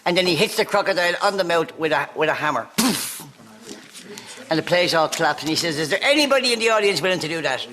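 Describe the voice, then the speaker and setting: An Irish man telling quick-fire jokes to an audience, cheeky and laughing at his own punchlines. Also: on the high side, expressive, crowd noise. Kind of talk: stand-up joke telling. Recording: noisy audience recording with laughter.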